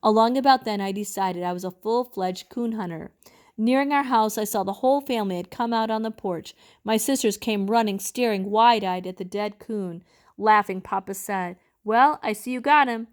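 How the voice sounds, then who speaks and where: A woman reading a novel aloud, telling the story in an expressive, measured way. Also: medium pitch. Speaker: reader.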